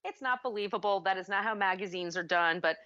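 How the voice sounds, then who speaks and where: Animated ranting woman in her forties. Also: medium pitch, fast talker. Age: 40s. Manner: animated storyteller, swears freely when ranting. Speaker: podcast co-host. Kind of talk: casual chat. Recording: dull lo-fi sound.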